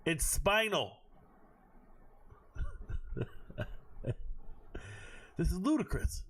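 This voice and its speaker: A man hosting a live stream from his home on his own microphone, talking bluntly with plenty of swearing and sudden bursts of shouting. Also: a little high, measured pace, pauses often. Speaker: host of a draft watch party stream. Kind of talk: casual live-stream commentary.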